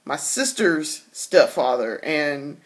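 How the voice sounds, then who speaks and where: A woman's voice: low voice, lively intonation. Candid, laughing woman vlogger. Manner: candid, laughs often between thoughts, halting restarts. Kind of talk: casual personal vlog chat.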